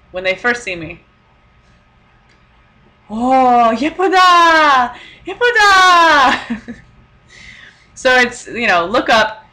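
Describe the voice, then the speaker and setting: A woman's voice: lowish voice, pushed and bright. A young woman talking casually to the camera in a chatty way, with frequent fillers and light laughter. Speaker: vlogger living abroad.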